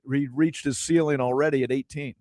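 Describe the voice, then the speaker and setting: A man's voice: medium pitch, fairly even intonation, brisk, a little mellow, dry recording, clean studio sound. A man co-hosting a sports radio show, casually posing questions and hypotheticals.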